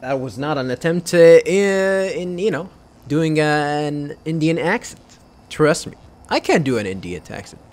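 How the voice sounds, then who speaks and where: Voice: medium pitch, lively intonation, measured pace. A let's play host giving casual, joking gameplay commentary with muttered asides.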